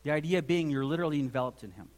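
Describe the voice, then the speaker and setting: A man's voice: a little high, expressive, racing. A man preaching a sermon with earnest emphasis, now and then restarting his phrases as he builds his point. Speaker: pastor.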